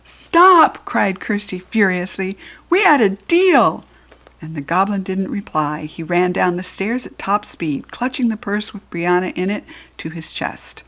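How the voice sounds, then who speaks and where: A woman with an American accent reading a children's storybook aloud in a lively, expressive way. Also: on the low side, normal speed, few pauses. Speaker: children's book reader.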